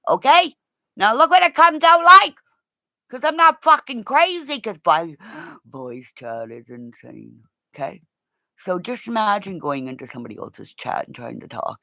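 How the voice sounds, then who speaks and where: A little slow in pace, a woman hosting a casual livestream rambles, swears, and greets her viewers by name, her animated voice swinging between high and low tones. The recording is clean studio sound with no echo.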